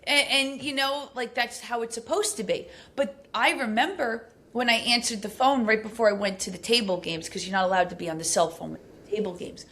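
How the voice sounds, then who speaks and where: A middle-aged woman, a podcast guest telling stories in a casual, animated way, full of fillers. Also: on the high side, brisk, hardly any pauses. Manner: animated, acts out quoted speech, frequent fillers. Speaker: podcast guest, abuse recovery coach. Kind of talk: casual storytelling interview.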